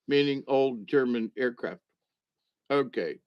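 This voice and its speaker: A man's voice: mid-range voice, animated, slow, no room sound, dull audio. A man reading jokes aloud in a casual way, chuckling and adding wry asides between them. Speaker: comedy reader.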